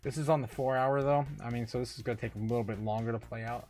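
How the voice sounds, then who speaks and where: A man hosting a casual livestream, reading viewer comments aloud, laughing often and getting excited, full of drawn-out fillers. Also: medium pitch, faint music behind. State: tipsy, recovering from a night of drinking. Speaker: livestream host.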